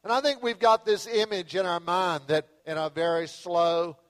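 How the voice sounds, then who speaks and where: A man preaching a sermon as a pastor, retelling a Bible story with lively, storytelling delivery. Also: sits high, normal speed. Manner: storytelling, acts out Bible scenes with rising and falling intensity. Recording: hall reverb.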